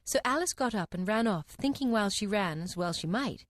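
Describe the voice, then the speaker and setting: A woman reads a storybook aloud with a very lively, sweeping pitch. Her voice sits mid-range and the recording is dry and close, with no room sound. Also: brisk, no echo. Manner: expressive, animated reading. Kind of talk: scripted story narration.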